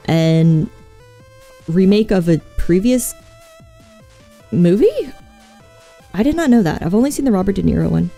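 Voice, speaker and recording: A woman's voice: mid-range voice, dark tone. A woman streamer in casual chat, rambling about films and answering viewers' messages. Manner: chatty, rambling, reads chat aloud. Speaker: vtuber streamer.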